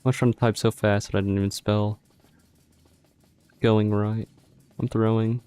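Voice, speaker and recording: Tired male streamer, low voice, muttered play-by-play, light game music underneath. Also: flat delivery, moderate pace, mellow, clean tone. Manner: mumbled play-by-play, trailing off. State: sleepy. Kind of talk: casual gaming livestream commentary.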